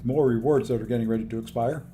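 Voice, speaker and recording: A man's voice: medium pitch, steady tone, fast talker, warm tone, soft background music. A tired, upbeat man live-streaming a video game, chatting casually and thanking viewers by name as he plays.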